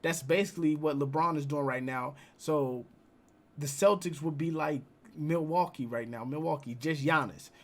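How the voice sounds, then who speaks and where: A man's voice: a little high, normal speed. A young man hosting a reaction video, talking casually with slang and arguing his points. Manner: casual, uses slang like "bro", argues points.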